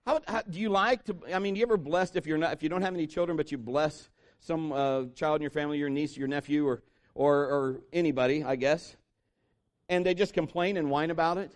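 A man preaching a sermon, telling jokes and stories and breaking into loud shouted impressions. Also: fairly high pitch, fairly quick. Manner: animated, jokey storytelling with shouted impressions. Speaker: pastor.

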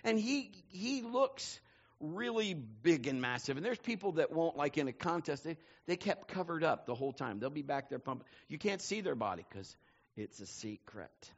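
A male pastor preaching a sermon, telling stories with lively energy and building to shouts. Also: a little high, moderate pace, dull audio. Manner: animated storytelling, building to shouts.

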